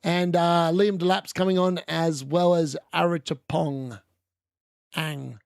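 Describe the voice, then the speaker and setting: A man giving chatty, excitable live commentary on a fantasy football watch-along stream, laughing often and correcting himself as he goes. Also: a little high, takes it slowly, creaky, clean tone, no room sound, studio quality. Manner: corrects himself mid-sentence.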